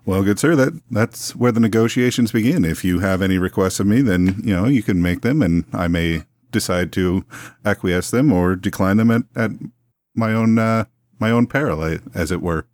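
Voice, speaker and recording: Deep-voiced florid showman, 1920s curator type, dry close sound voiced by a male player. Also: moderate pace, a little mellow, no echo, natural voice. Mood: ingratiating. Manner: florid, long-winded, genteel phrasing. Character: pompous male 1920s museum owner, smooth-talking. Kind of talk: tabletop role-play in character.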